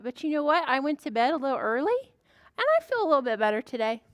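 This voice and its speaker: A woman librarian leading a preschool story time, animated and sing-song, gasping in surprise as she talks to small children. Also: high-pitched, quick pace, no echo, studio quality.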